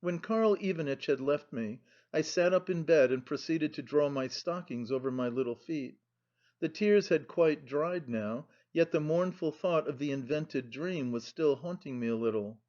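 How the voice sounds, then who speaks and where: A man reads an audiobook aloud in a slow, measured way. His voice sits a little high for a man. The recording has a dull, lo-fi sound. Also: darkish tone. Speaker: audiobook narrator. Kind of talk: scripted audiobook narration.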